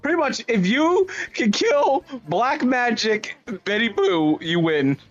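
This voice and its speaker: A man's voice: extremely high pitch, very animated, slow pace, no echo. A man co-hosting a live stream, chatting loosely about a game, joking and swearing casually. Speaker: streamer co-host. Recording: slightly dull mic sound.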